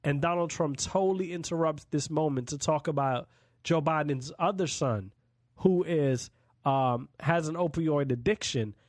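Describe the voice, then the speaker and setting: A man hosts his own political podcast with a slightly raised pitch, speaking bluntly and emphatically and swearing when it suits him. His voice sits close and dry on the mic, with no room around it. The talk is a loose, unscripted commentary monologue. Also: measured pace, no room sound. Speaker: podcast host.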